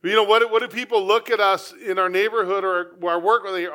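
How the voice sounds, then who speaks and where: A male pastor preaching with a high, bright voice. He talks in an earnest, conversational way, dropping asides to his listeners. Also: steady tone, fairly quick, clear, resonant tone. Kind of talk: sermon.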